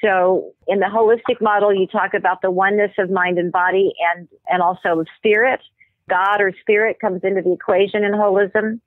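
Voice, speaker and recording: A woman, a medical anthropologist guest, explaining ideas and telling stories in a measured way with thoughtful pauses. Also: medium pitch, level tone, dry recording. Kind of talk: explanatory interview talk. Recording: tinny phone-line audio.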